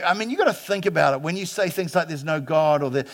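A man, preaching a sermon as pastor, emphatic, acting out quoted voices and swinging from loud to hushed. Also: on the high side, lively intonation, fast talker.

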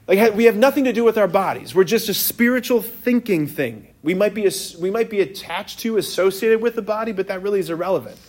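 A priest giving a lively, joking talk to teenagers in a room, often stopping to ask the audience questions. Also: male voice, high voice, fast, hardly any pauses. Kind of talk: interactive talk to teens. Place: room with a live youth audience.

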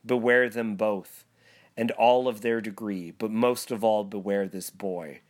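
A solemn Christmas spirit with a grave, warning delivery, voiced by a man reading a storybook aloud. It speaks slowly and heavily. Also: on the low side, fairly even intonation, natural voice.

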